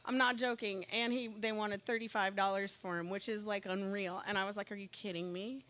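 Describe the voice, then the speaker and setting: A woman chatting casually as a guest, telling a long rambling story and getting excited as it goes. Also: medium pitch, brisk. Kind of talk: casual chat.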